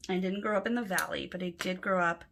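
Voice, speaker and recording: Speaking fast in a lowish, creaky voice, an LA-accented planner vlogger from Los Angeles chats casually as she fills in her planner. She's soft-spoken and rambles a little with filler words, over slight background noise.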